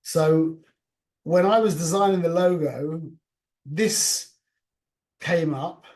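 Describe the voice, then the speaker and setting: Animated man teaching an informal class. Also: a little high, takes it slowly. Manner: animated, many restarts, Yiddish and Hebrew terms.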